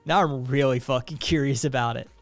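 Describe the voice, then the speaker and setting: A man's voice: mid-range voice, fairly even intonation, fairly quick, no room sound, soft background music. A man hosting a live stream, chatting casually, reading viewer comments aloud, blunt and profane with sarcastic laughs.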